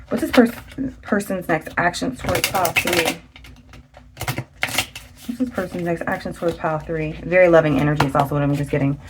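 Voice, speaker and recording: A woman giving a chatty tarot reading to her viewers. She talks fast and loose, often getting excited, exclaiming and laughing at the cards. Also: on the low side, noisy background. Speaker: tarot reader. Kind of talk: casual tarot reading to camera.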